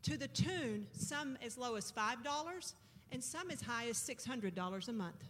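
A woman's voice: fairly high pitch, expressive, moderate pace. A woman preaching a sermon and telling a missionary story in a folksy, conversational way, drawing out words for emphasis. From Arkansas. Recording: reverberant church hall.

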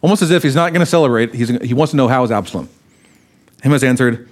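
Guy preaching a sermon, reads the bible passage with lots of feeling, mid pitched voice. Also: fast. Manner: expressive Bible reading, voicing quoted lines. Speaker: pastor.

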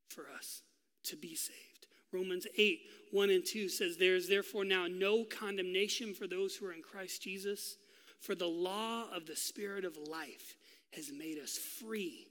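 A male pastor preaching a sermon, telling a story with drama and dropping to a hush for key lines. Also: high-pitched, long reverb tail. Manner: dramatic storytelling, swinging from loud to hushed.

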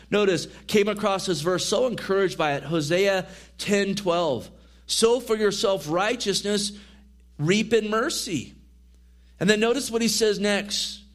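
A man preaching a sermon in a church as pastor, reading scripture aloud and pressing his points with earnest emphasis. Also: high-pitched.

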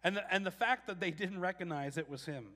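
A man preaching a casual, animated sermon, restarting phrases often and acting out quotes. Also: sits high, fairly quick, long reverb tail. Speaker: pastor.

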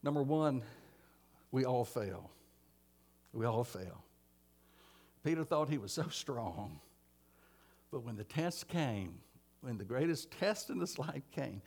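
Preacher man swinging from loud to hushed. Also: medium pitch, creaky. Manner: dramatic swings from emphatic to hushed. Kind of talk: sermon. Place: church.

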